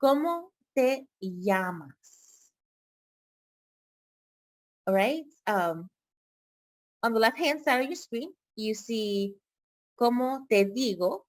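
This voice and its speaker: A woman's voice: a little high, expressive, slow. A woman teaching a vocabulary lesson online, speaking patiently and repeating each word for her students. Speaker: pharmacy tech Spanish tutor.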